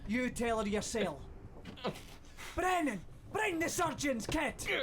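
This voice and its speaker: A man voicing an urgent sailor who tends a wounded shipmate and shouts orders in alarm, heard as game audio. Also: very high voice, animated, slow pace, noisy background, exaggerated voice.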